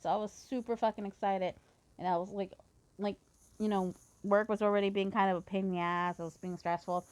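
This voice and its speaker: A woman's voice: mid-range voice, flat delivery, a little fast. A young woman telling a personal story in a heated, profane rant. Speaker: fan reader. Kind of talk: casual ranting storytelling.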